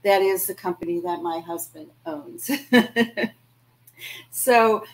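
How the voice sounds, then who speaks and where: A woman hosting a virtual event, thanking guests warmly and introducing the next act. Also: fairly low pitch, slow, poor audio. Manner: warm thanks and gushing praise. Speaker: host. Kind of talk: hosting a virtual art fair.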